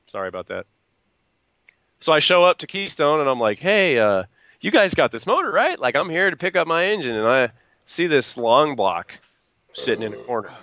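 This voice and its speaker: A man's voice: a little high, sing-song, moderate pace, pushed and bright, no echo, lo-fi sound. A man chatting casually as a guest, rambling through stories and acting out what people said. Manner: rambling storyteller acting out quotes. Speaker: guest truck builder. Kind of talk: casual chat.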